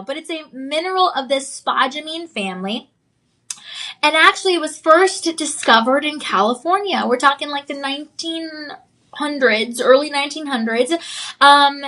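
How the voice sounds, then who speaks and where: A woman's voice: high-pitched, bright, forceful tone. A woman hosting a live jewelry sales show, chatty and playful, often checking in with the viewer. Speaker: home shopping host.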